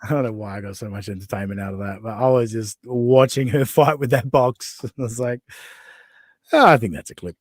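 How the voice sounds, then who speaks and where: A man's voice: mid-range voice, fairly even intonation, fairly quick, few pauses, a little mellow, no room sound, clean studio sound. A man with an Australian accent hosting a podcast, chatting casually, mocking and laughing often as he reacts to clips. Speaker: podcast host.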